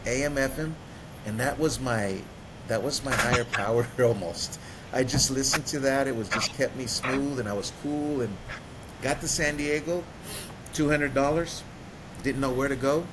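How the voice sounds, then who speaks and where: Man, plain mid voice, heartfelt storyteller, engine rumble underneath. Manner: earnest, storytelling, drops quiet at heavy points. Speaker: guest sharing his recovery story. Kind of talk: personal testimony in conversation. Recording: vehicle rumble behind.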